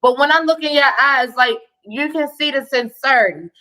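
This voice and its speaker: High-voiced woman host, earnestly affirming. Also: normal speed, rough recording. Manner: warmly affirming, earnest encouragement. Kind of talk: casual chat.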